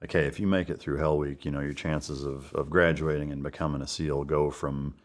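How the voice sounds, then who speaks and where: A man hosting a podcast interview, asking questions in a halting, conversational way. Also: very deep voice, little pitch movement. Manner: halting, with many fillers and restarts. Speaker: podcast host.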